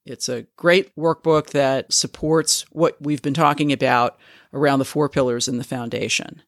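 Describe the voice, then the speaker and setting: A man's voice: medium pitch, steady tone, moderate pace, a bit bright, no room sound, clean studio sound. A man hosting a podcast lesson, coaching listeners in an earnest, emphatic way. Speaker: podcast host and advocacy teacher.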